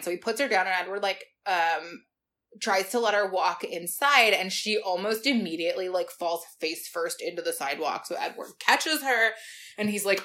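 A woman's voice: on the low side, brisk, sharp tone. A woman co-hosting a casual book podcast, recapping chapters with sarcastic asides and frequent swearing. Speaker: podcast co-host. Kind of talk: casual book-discussion chat.

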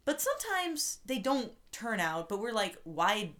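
A woman's voice: fairly high pitch, sing-song, moderate pace, a bit bright. A woman co-hosting an improv comedy podcast, in casual, playful banter. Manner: playful, wry. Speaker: podcast co-host.

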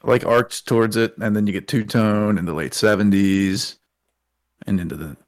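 A man's voice: lowish voice, fairly even intonation, normal speed. A man co-hosting a music podcast in casual chat, dropping dry, matter-of-fact corrections. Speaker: podcast co-host.

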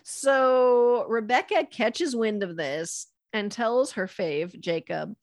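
A woman's voice: on the high side, slow pace, dry recording, clean studio sound. A woman casually retelling a story, acting out the quotes with playful irreverence and cursing. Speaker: podcast co-host retelling Bible stories. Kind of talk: casual chat.

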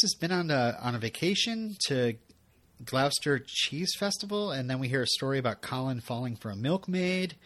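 With a mid-range, sharp-toned voice, this man in his thirties co-hosts a podcast, rambling through episode recaps, interrupting himself and chuckling frequently in a relaxed chat.

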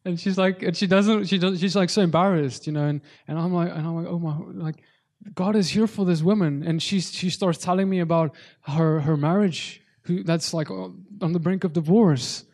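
A man's voice: sits high, steady tone, normal speed, few pauses, a little mellow. A man preaching a sermon in an earnest, conversational way, often restarting his sentences.

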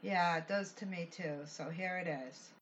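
A woman's voice: lowish voice, unhurried. A woman co-hosting a paranormal investigation show, chatting casually about recordings and asking her partner's opinion. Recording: muffled lo-fi recording with faint hiss.

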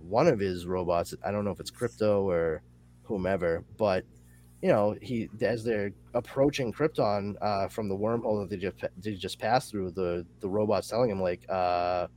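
A male podcast host chatting casually, summarizing a comic in a rambling, animated way with lots of fillers. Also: lowish voice, moderate pace. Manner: rambling and animated, with many fillers and excited asides.

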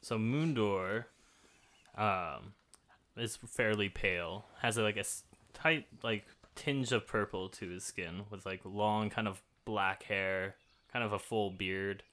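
A man's voice: on the low side, slow, bright, forceful tone. A man playing a tabletop game, talking in a casual, rambling way with frequent filler words. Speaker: player.

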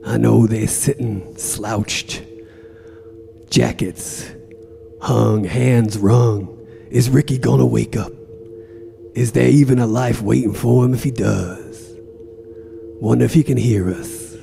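A man voicing a foul-mouthed tough guy with a deep gravelly rasp and a dark, mellow tone. He muses in a broody way and snaps into profane snarls. Faint music sits behind him. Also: steady tone, slow pace, long pauses. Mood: brooding. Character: gruff tough-guy man drifting in a coma. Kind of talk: improvised comedy role-play.

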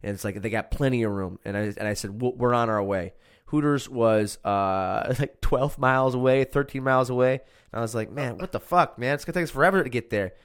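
A man's voice: mid-range voice, brisk, clean tone. A young man from Chicago telling a rambling, profane story in casual chat.

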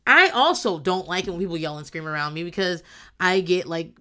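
A woman recapping a reality show in casual chat, loud and animated, swearing freely, laughing often and acting out quotes. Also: lowish voice, a little fast.

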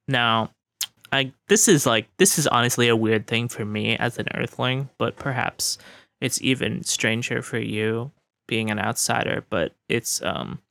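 A man's voice: mid-range voice, creaky, a bit bright, dry recording. A man in an improv comedy scene, talking politely and hesitantly, with plenty of ums and restatements. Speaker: improv scene partner playing an Earth negotiator.

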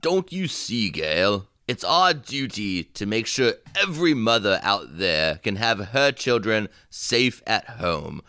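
A man's voice: lowish voice, big pitch swings, slow, few pauses, pushed and bright, clear, resonant tone, no echo, clean studio sound, exaggerated voice. A man voicing a stern, dutiful family patriarch. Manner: solemn, lecturing. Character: stern duty-bound family patriarch, male. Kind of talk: tabletop role-play in character.

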